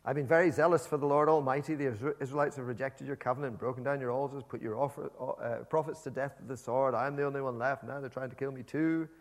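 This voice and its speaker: A man voicing a despairing male prophet who pours out a loud, self-pitying rant, as part of a sermon. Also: mid-range voice, fairly even intonation, fast talker, few pauses, long reverb tail, natural voice. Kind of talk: sermon with acted scripture quotes.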